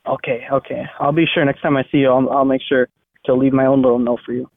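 A man's voice: mid-range voice, little pitch movement, fast talker, no room sound. Ranting, swearing man on a tinny phone line. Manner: profane, threatening, ranting. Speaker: caller. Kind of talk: angry phone call.

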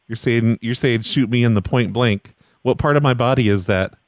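A man hosting a prank call show, calm, dry and mocking as he teases an angry caller. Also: mid-range voice, moderate pace, no room sound.

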